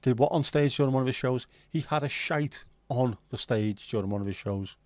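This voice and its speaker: Reading viewer comments during a casual livestream, a man jokes around loosely and swears plenty. He speaks briskly in a medium-pitched, darkish voice, with no echo.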